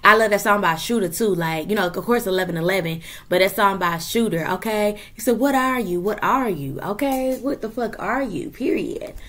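A woman reading tarot cards for an online audience in loose, casual talk. She curses freely and punches her points with quick checks like "okay?" and a firm "period." Her voice sits at an ordinary middle pitch for a woman. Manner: animated, profane, emphatic with frequent "okay?" and "period". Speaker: tarot reader.

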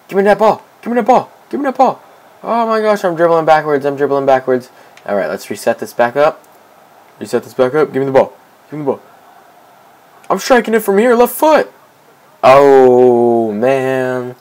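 Young male gamer commentary, unhurried delivery, excitable, repeats lines, pleading with teammates. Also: fairly low pitch, poor audio. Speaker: gameplay commentator. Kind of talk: casual let's-play commentary.

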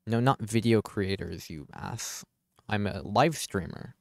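A man with a lowish, animated voice and vocal fry talks a little slowly in a recording with no room sound. Streaming a game, he tinkers with settings while distractedly muttering "hold on," swears casually and responds to chat.

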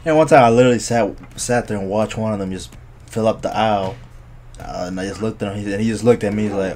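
A man co-hosting a casual podcast, telling animated workplace stories with bursts of laughter. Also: on the low side, fast talker, a little hiss or hum. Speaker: podcast co-host. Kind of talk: casual chat. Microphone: podcast microphone.

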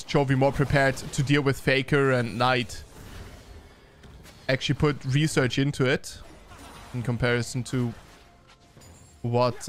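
A man giving casual esports review commentary, loose and chatty with many fillers and restarts, turning brisk for play-by-play. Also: medium pitch. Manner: turns brisk during play-by-play.

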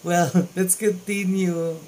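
A man's voice: high voice, level tone, takes it slowly, darkish tone, a little hiss or hum, low-quality recording. A man with a Filipino accent hosting a casual reaction video, gushing with exclamations of amazement. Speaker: YouTube reaction vlogger.

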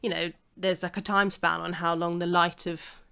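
Woman, co-host, casual chat, smooth clear voice, hesitant. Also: lowish voice, flat delivery, normal speed, pushed and bright. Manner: hesitant, with fillers. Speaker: podcast co-host.

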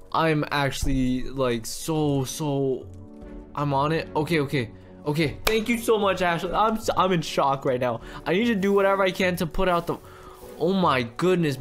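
An excitable young man voicing his own character in a Minecraft role-play. His fairly high voice leaps up and down as he exclaims and repeats himself. Faint music plays underneath.

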